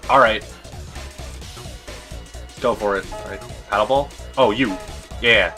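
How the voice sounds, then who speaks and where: A man hosting a gaming video, giving animated let's play commentary with quick reactions. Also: on the low side, soft background music.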